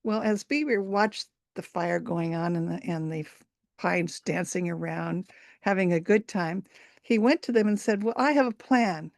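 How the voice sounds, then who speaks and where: A woman telling a folk tale over a video call, in a halting, informal way. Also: fairly low pitch, vocal fry, a little mellow, no echo, studio quality. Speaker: storyteller.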